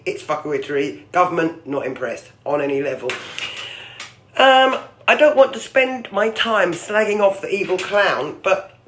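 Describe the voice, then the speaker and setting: Sweary sarcastic British woman ranting. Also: fairly low pitch. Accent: British English. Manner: sweary and sarcastic, loud and projecting. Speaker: livestream host. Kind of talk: ranting commentary on newspaper headlines.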